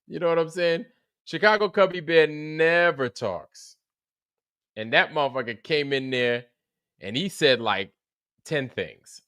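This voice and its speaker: With a slightly high, fairly bright, smooth voice, a livestream host chats at a measured pace about a show that has just wrapped. He curses openly, laughs frequently, and calls out viewers by name; the recording is dry.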